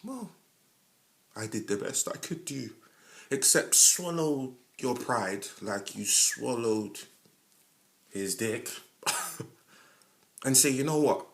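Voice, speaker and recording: A man with a London accent, giving a passionate monologue as a podcast host, speaking straight to the listener with plenty of slang and sudden loud bursts. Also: takes it slowly, vocal fry, long pauses. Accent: London English. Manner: animated, switches between loud outbursts and low asides; heavy London slang, addresses listener directly. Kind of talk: impassioned monologue.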